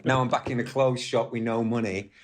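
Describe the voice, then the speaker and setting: Animated storytelling man from northwest England. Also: medium pitch, fairly quick. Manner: rambling, animated anecdotes with swearing. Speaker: guest musician. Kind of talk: casual storytelling interview.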